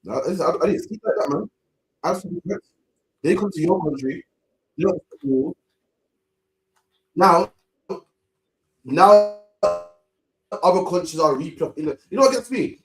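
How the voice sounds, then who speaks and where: A man's voice: high voice, sing-song, moderate pace, gravelly, long pauses. A man leading a casual discussion, talking emphatically in long rants that end lines with "man.". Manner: emphatic, ranting, repeats "man" at line ends.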